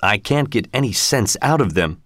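A man's voice: mid-range voice, animated, normal speed, fairly bright tone, no echo, clean studio sound, lightly acted. A man voicing a suspicious male theater secretary who presses his colleagues with insistent, accusing questions. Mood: agitated.

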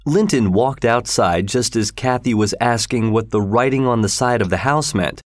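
Speaking at a medium pitch, a male audiobook narrator delivers his story steadily and with measured pacing. The recording is clean studio sound, free of any room sound.

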